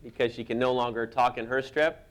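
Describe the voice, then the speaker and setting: A man being interviewed as a cartoonist, telling animated, self-deprecating stories and laughing at his own anecdotes. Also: mid-range voice, a little fast. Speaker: cartoonist guest.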